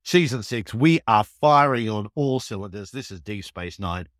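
Enthusiastic low-voiced man, dry sound. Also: normal speed, no room sound. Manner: enthusiastic, animated storytelling with laughs. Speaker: podcast co-host. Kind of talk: casual chat recapping an episode.

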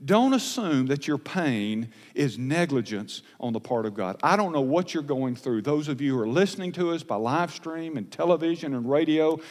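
A man's voice: a little high, expressive, normal speed, hardly any pauses. A man pastor preaching a sermon, earnest and emphatic, recorded in a large church sanctuary. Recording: long church hall reverb.

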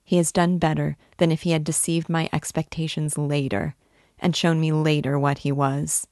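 A woman's voice: sits low, flat delivery, normal speed, darkish tone, no echo, studio quality. A woman reading the part of an emotional young woman torn in love, pleading and breaking off mid-sentence. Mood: tearful. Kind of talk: dramatic reading of a novel.

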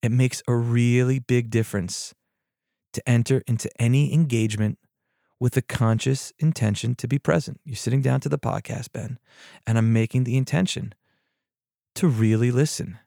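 A man who is a therapist and podcast host, telling a story and reflecting on spiritual practice in a measured, thoughtful way. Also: medium pitch, fairly even intonation, vocal fry, mellow, no room sound, clean studio sound.

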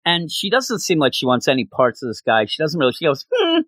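A man giving a casual recap of an anime episode, telling it with animated, acted-out quotes. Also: medium pitch, quick pace, no echo. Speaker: anime reviewer.

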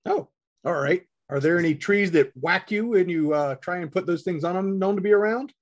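A man's voice: sits high, brisk, muffled recording. A man playing a tabletop game, joking and speaking for his character. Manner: jokey, laughs often, plays his character. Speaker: player. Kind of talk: casual chat in a tabletop game.

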